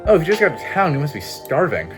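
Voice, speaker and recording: A man's voice: on the high side, big pitch swings, fast, music in the background, voice pushed up. A man voicing a cheerful, chatty young woman from a small country town in a game, friendly and hospitable.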